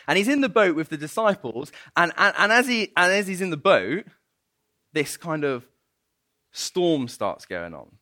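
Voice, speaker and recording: Preacher telling a bible story, lively and jokey, bright tense voice, dry sound. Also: male voice, a little high, moderate pace, dry recording. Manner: animated and playful, often laughing. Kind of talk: sermon with storytelling.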